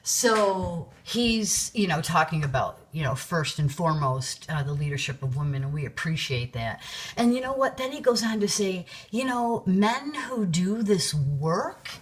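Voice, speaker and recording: Slow, rambling woman host. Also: on the low side, sing-song. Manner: rambling, filler-heavy, unhurried. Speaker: podcast host. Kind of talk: casual commentary.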